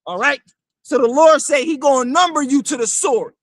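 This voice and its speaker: Fiery high-voiced preacher man, shouting. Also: moderate pace, no echo. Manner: fiery, shouting scripture, repeats "all right" constantly. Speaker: street preacher. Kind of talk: sermon with scripture reading.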